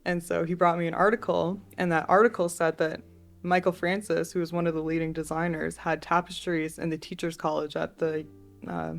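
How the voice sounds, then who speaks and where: Young woman with a flat, gravelly voice. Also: lowish voice, brisk, soft background music. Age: young adult. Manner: chatty, relaxed storytelling with many "like"s. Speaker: artist and guest. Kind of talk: casual interview storytelling.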